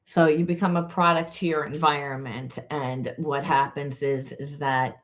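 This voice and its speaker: A woman's voice: sits low, level tone, unhurried. A woman, a spiritual coach, talking through emotional healing in a loose, rambling way full of restarts and fillers. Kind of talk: informal coaching monologue.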